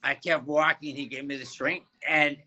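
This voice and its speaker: A man giving a fervent personal faith testimony in an interview, halting and often repeating his words. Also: on the high side, flat delivery, pushed and bright, lo-fi sound.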